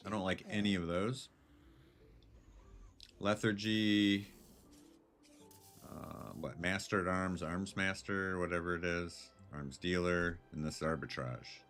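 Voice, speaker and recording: A man streaming a video game live, thinking out loud in a laid-back, jokey way. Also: deep voice, fairly even intonation, normal speed, soft background music. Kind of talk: casual live gameplay commentary.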